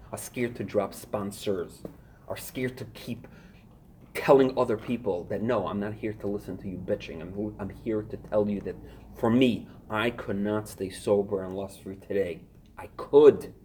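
A lower-voiced middle-aged man speaks with driving intensity. He hammers his points home through repetition, like someone sharing hard truths at a recovery meeting. Faint noise sits underneath. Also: a little mellow. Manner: intense, repetitive, emphatic preaching tone. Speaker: recovery fellowship member sharing.

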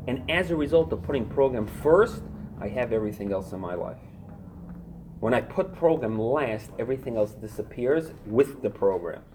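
Man, middle-aged, fairly low voice, intense, repetitive, emphatic, recovery meeting share, faint background noise. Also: warm tone. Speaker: recovery fellowship member sharing.

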